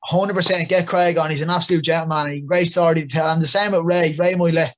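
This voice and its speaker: A man's voice: a little high, steady tone, quick pace, fairly bright tone. A young man with an Irish accent, a boxer chatting casually and upbeat as an interview guest. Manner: chatty and upbeat, full of praise for others.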